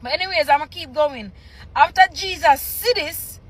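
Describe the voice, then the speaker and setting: A woman's voice: sits high, moderate pace, poor audio. A Jamaican woman chatting casually in a reaction video, reading aloud with exasperated, teasing remarks.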